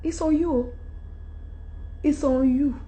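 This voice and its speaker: A middle-aged woman with a Nigerian accent, ranting unscripted into her phone on a live stream, preachy and animated with loud outbursts. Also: sits high, slow. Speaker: livestream host.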